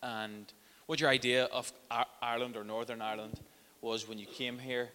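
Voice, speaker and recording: A man's voice: medium pitch, flat delivery, moderate pace. A man hosting an interview, asking casual, rambling questions. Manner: casual, loose, filler-heavy questions. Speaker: host. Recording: echoey room with faint hiss.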